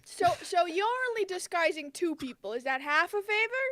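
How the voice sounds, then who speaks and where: A woman's voice: very high-pitched, lively intonation, moderate pace, pushed and bright. A woman playing a tabletop game, given to plaintive, indignant protests. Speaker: player.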